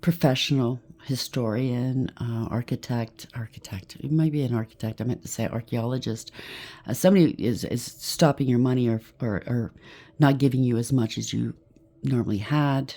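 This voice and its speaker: A woman's voice: very deep voice, moderate pace, warm tone. A woman giving a rambling, chatty collective tarot reading, preaching and thinking aloud with frequent asides. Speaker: tarot reader.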